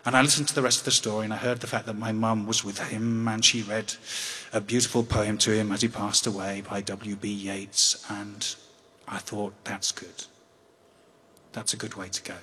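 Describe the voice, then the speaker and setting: A man's voice: on the low side, pushed and bright. Wry Englishman telling a story in a hall. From England. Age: 50s. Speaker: touring storyteller on stage. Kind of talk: live personal storytelling. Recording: long hall reverb.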